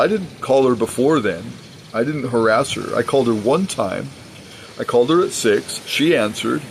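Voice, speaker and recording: A man's voice: medium pitch, vocal fry, a little hiss or hum, poor audio. A father speaking in a personal vlog monologue, earnest and aggrieved, insisting on his side of the story.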